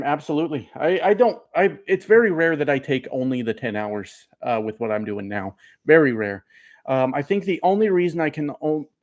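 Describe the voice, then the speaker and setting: A man's voice: medium pitch, darkish tone. A man who drives trucks chatting casually with viewers, rambling and swearing, a bit tipsy from beers. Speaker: trucker streamer. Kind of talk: casual live chat answering viewers.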